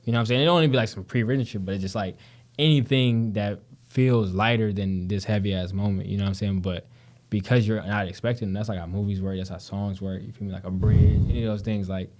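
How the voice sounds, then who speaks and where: A man's voice: fairly low pitch, steady tone, quick pace, darkish tone. A young man from Detroit telling stories in slangy, profane casual talk, full of "you know what I'm saying.". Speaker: guest, actor. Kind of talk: casual conversation.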